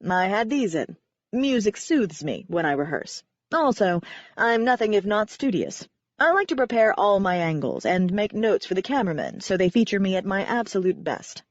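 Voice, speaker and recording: A woman voicing a flamboyant, theatrical middle-aged warlock father who speaks in a slow, grandiose, pompous way. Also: mid-range voice, very animated, no room sound, close to an everyday voice. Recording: dry, slightly dull recording.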